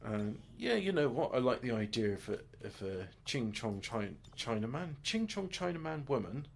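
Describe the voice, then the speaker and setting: A man's voice: mid-range voice, sing-song, moderate pace, vocal fry, a little hiss or hum. A man muttering his way through a game in casual let's play commentary, with crude offhand jokes. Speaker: gamer.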